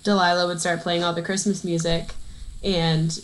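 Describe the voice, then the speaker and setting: A woman's voice: fairly low pitch, level tone, moderate pace, slight background noise, rough recording. A young woman co-hosting a casual podcast, playful and giggly, sometimes singing bits of lines. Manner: playful, laughs often, breaks into sung lines. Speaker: podcast co-host. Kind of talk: casual chat.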